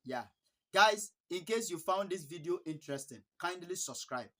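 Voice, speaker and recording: A Ghanaian man vlogging in a casual storytelling style. He is animated and laughs between phrases. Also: high-pitched, moderate pace. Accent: Ghanaian English. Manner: earnest, blessing-filled sign-off.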